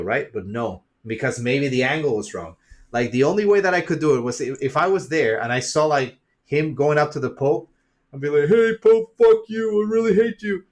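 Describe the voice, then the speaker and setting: A man talking straight to his viewers in a casual vlog, circling back over the same points and pressing them hard. He rambles, repeats himself and swears freely, with a voice of ordinary pitch for a man. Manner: rambling, repetitive, emphatic lecturing. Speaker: YouTuber and streamer.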